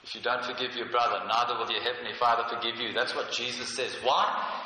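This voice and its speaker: An older man preaching a sermon, earnest and emphatic, often slowing down to stress a point. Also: medium pitch, steady tone, bright, forceful tone. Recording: echoey hall, heard from a distance.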